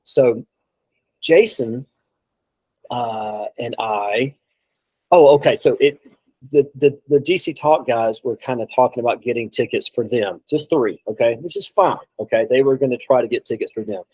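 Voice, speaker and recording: A man's voice: mid-range voice, moderate pace, darkish tone, husky, no echo, rough recording. Rambling storytelling man, dry sound. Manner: rambling anecdotal, many restarts and quoted asides. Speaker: guest drummer. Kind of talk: casual storytelling.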